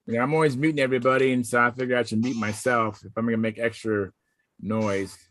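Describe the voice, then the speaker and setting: A man's voice: mid-range voice, fairly even intonation, quick pace, fairly bright tone. A man hosting a casual video call hangout, chatty and welcoming as people join.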